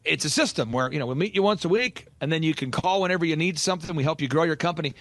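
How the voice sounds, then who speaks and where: A man hosting a business coaching podcast, telling stories in an animated, emphatic way. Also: fairly high pitch, no room sound. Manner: animated storytelling, quick and emphatic. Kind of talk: energetic casual podcast talk.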